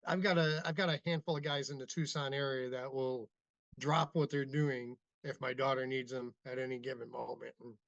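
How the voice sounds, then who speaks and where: A man's voice: medium pitch, steady tone, brisk, gravelly, fairly bright tone, dry recording. A man hosting an interview in easygoing casual chat. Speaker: interviewer, host. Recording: dry, slightly dull mic sound.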